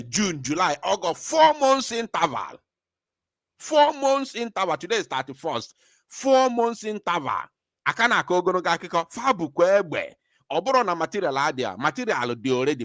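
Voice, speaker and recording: A man's voice: mid-range voice, a bit bright, no room sound, clean studio sound. A man with an Igbo-accented Nigerian English voice giving impassioned commentary as a show host, angry and repeating phrases for emphasis.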